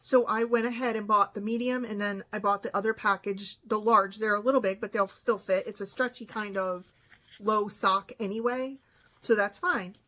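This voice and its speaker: A woman's voice: medium pitch, fairly even intonation, moderate pace, fairly bright tone. A woman in her fifties telling a long, rambling story in a casual monologue, chatty and exasperated. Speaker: vlogger.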